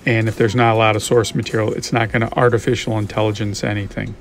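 Gaming YouTuber, male, mid pitch, gravelly, rambling and reflective, faint hiss under the voice. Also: little pitch movement, fast talker. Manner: rambling, reflective, thinks aloud. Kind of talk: casual musing commentary over gameplay.

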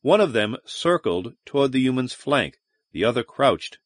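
A man narrates an adventure audiobook at a measured, deliberate pace. His pitch sits in an ordinary middle range. The recording is close and completely dry. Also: sing-song, dry recording. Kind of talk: scripted narration.

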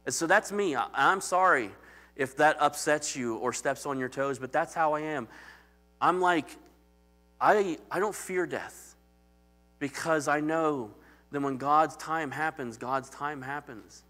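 A man's voice: medium pitch, bright, forceful tone. A man preaching as pastor in a conversational, emphatic sermon that calls out to the congregation.

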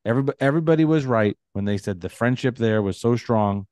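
A man co-hosting a sports podcast, speaking in halting bursts with repeated restarts and a wry edge. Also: mid-range voice, expressive, darkish tone, no echo, clean studio sound. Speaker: podcast co-host, Nets fan. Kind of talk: casual sports chat.

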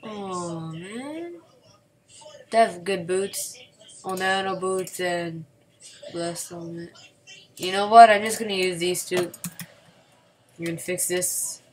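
A woman giving casual gameplay commentary at her home computer at night, excitable, yelping and repeating words when she panics. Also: fairly low pitch, takes it slowly, long pauses.

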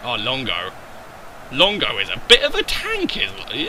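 A young man giving sweary, excitable commentary over a football video game, breaking into loud outbursts and then dropping to low mutters. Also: unhurried, a little hiss or hum, low-quality recording. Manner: excitable and sweary, yelling at his players. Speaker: gaming YouTuber. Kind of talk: live gameplay commentary.

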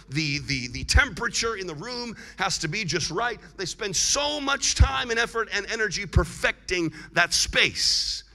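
A man preaching a sermon as guest evangelist, leading the congregation in call-and-response and building to loud, emphatic shouts. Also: sits high. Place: large church hall. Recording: long hall reverb from a large church.

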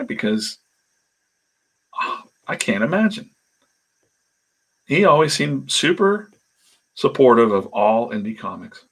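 A man's voice: medium pitch, very animated, a little slow, vocal fry, pauses often, fairly bright tone, husky. A man, a comic artist, telling stories in a rambling, chatty way while he draws, often trailing off into mumbles. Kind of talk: casual storytelling while working.

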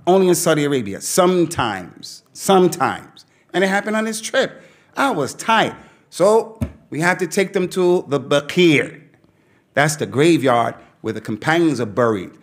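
A middle-aged man preaches in a fairly high, animated voice. He talks to youth in casual street slang and sprinkles in Arabic phrases. He acts out his own side of the stories as he tells them. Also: normal speed. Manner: animated storytelling, quoting himself. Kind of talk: talk to a youth audience.

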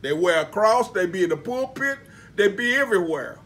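A man's voice: sits high, animated, normal speed, a bit bright. A man preaching a sermon, emphatic and folksy, spelling out words for emphasis. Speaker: pastor.

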